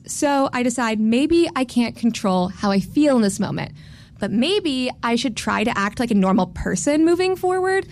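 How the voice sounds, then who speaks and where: A young woman tells a personal story to an audience, candid and self-mocking, with a few laughs along the way. Her voice sits a little high. Faint ambience hums behind her. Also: lively intonation, moderate pace, a little hiss or hum.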